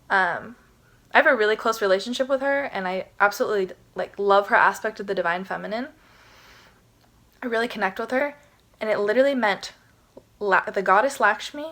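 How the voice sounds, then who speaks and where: A young woman tells a personal story straight to her audience in a loose, conversational vlog style. She talks in an animated way, filling her sentences with "like" and breaking into small laughs. At moments she lowers her voice to a near whisper, as if sharing something astonishing. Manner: animated, laughing, many "like"s, dropping to hushed whispers. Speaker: spiritual vlogger. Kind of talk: casual storytelling to camera.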